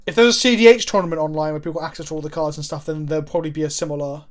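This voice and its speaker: His voice sits on the high side and he speaks very fast, chatting casually while he plays a card game on stream. He's animated, keeps joking, and swears without holding back.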